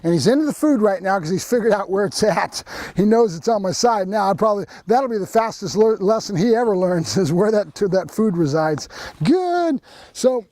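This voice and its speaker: A man with a high-pitched voice leads a hands-on dog training demonstration. He explains in a plain, instructional way and often checks in with "okay?". His lapel mic gives a close, dry sound with no room echo. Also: fairly quick, warm tone.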